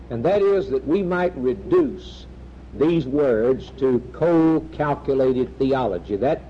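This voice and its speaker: A man preaching a sermon in a slow, measured way, with emphatic rises on key words. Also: medium pitch, a little hiss or hum. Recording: dull lo-fi recording.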